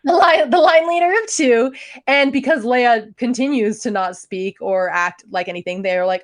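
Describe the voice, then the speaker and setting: A woman's voice: a little high, moderate pace. A woman co-hosting a podcast, telling a true-crime story in a casual, joking way and laughing often. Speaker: podcast co-host.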